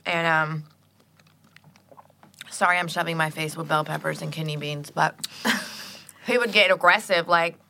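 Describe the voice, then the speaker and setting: A woman's voice: sits low, steady tone, a little slow, gravelly, long pauses, bright, forceful tone, a little hiss or hum. A young woman co-hosting a podcast in casual chat, blunt and wry, often chiming in. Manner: wry interjections, laughs along, blunt. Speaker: podcast co-host.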